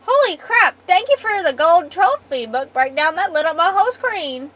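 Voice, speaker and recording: A woman's voice: very high-pitched, sing-song, normal speed, a bit bright. A woman streamer in casual live-stream chat, trading profane, playful mock-angry banter.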